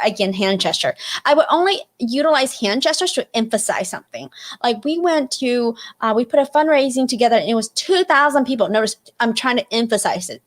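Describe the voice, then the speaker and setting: A woman hosting a live career webinar over a video call, talking casually with lots of fillers and frequent "right?" checks. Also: fairly high pitch. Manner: chatty, many fillers like "like" and "you know", frequent "right?" tag questions. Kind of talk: casual instructive webinar talk.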